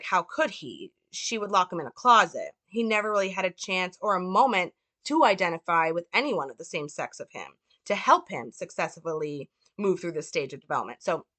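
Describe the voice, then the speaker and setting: A woman giving a casual, earnest film analysis, talking with lots of fillers and quick self-corrections. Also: on the low side, sharp tone. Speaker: film commentator.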